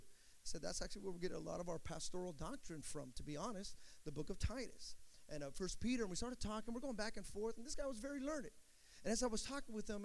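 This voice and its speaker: A middle-aged man preaching a sermon as pastor, calling for amens and stretching out words for emphasis. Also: sits high. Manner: call-and-response preaching, drawn-out emphatic words.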